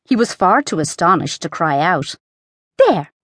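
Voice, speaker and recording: A woman narrating a children's storybook audiobook in a lively, expressive reading. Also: on the low side, normal speed, no room sound, studio quality.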